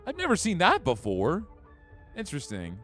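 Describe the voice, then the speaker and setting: A man's voice: high-pitched, huge pitch swings, normal speed, a bit bright. A man streaming a game live, chatting casually with his chat and reading out card effects. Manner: chatty, upbeat, reads chat. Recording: faint background music.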